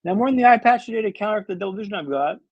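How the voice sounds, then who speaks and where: A man's voice: sits high, lively intonation, rapid-fire, no room sound, lo-fi sound. A man in his thirties telling a story as a podcast guest, dramatic and wry with comic timing. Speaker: guest speaker.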